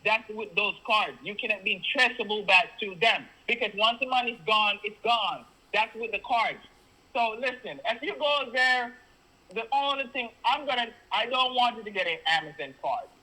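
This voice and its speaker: A Jamaican-accented man with a high, very bright voice talks over the phone. He repeats his instructions insistently, in broken grammar. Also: lively intonation, moderate pace, rough recording. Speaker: phone scammer. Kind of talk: phone call.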